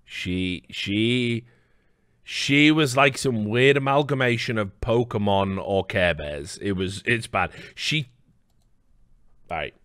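A man's voice: fairly low pitch, expressive, slow pace, a bit bright, clear, resonant tone, no echo, clean studio sound. A man hosting a live stream, rambling through casual reaction commentary with lots of swearing and laughing asides.

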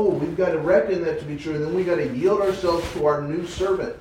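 A man teaching an adult Bible study, preaching with animated, acted-out quotes in a church room. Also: a little high, a little fast. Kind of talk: sermon. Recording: distant mic, echoey room, faint background hum.

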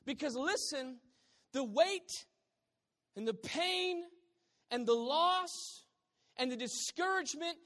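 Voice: high-pitched, animated, takes it slowly, pauses often, a bit bright. A pastor with a Southern US accent preaching a sermon, joking with the congregation and asking them questions. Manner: humorous, conversational, quizzing the congregation. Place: church hall with congregation.

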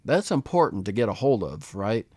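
A man teaching the Bible in a relaxed, conversational way, often checking in with "right?". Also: fairly low pitch, moderate pace, slightly rough, dry recording, studio quality.

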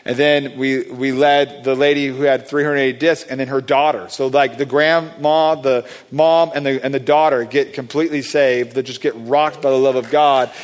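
A man excitedly telling a testimony story about praying for people, rambling with many fillers and restarts. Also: medium pitch, normal speed, hardly any pauses. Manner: animated, acts out quoted voices. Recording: long hall reverb.

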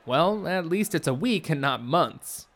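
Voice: mid-range voice, lively intonation, measured pace, a bit bright. A narrator voicing a teenage boy who talks in a casual, offhand way. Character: teenage boy, her easygoing friend.

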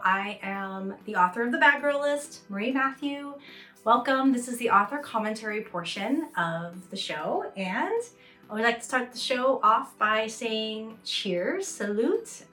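A woman's voice: mid-range voice, fairly bright tone. A woman author hosting her own show, chatting casually and laughing easily. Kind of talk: casual commentary chat. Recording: echoey room with faint music.

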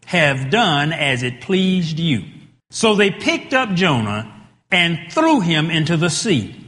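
A man preaching a sermon, reading scripture and then building to emphatic, shouted points with repeated words. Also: high-pitched. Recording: long reverb of a large hall.

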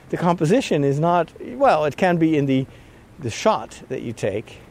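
A man's voice: fairly high pitch, sing-song, unhurried, a little mellow. A man talking casually on a walking vlog, rambling and chatty with frequent laughs, a little out of breath from walking outdoors. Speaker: vlogger. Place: outdoors on a walk.

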